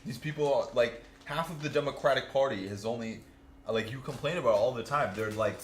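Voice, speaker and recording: A man's voice: medium pitch, fairly quick. Blunt, swearing man ranting in an echoey room. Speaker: podcast co-host. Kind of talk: casual chat while streaming a game. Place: home streaming setup. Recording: roomy echo, background noise. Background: game sounds.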